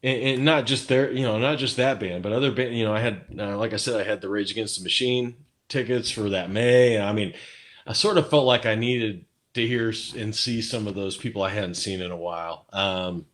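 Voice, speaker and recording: A man's voice: on the low side, fairly quick. A man chatting as an interview guest, rambling with many fillers and restarts. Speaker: guest musician. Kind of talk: casual interview chat.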